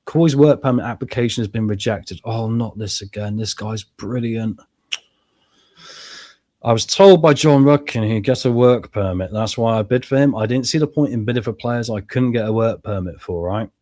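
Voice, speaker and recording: Excitable man commentating gameplay. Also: fairly low pitch, normal speed. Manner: excitable, chatty, addresses viewers as mates and guys. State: voice strained from shouting earlier. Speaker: gaming YouTuber playing a football management game.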